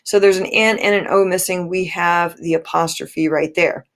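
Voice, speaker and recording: A woman teacher giving a recorded grammar lesson, speaking deliberately and stressing each pause. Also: on the low side, fairly even intonation.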